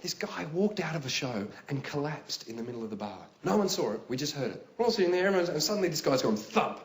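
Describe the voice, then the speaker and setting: Animated comedian on a live stage. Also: male voice, on the high side, fast. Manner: animated, conversational, mimicking. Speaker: stand-up comedian. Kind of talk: stand-up storytelling. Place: theatre stage. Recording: echoey live theatre with audience.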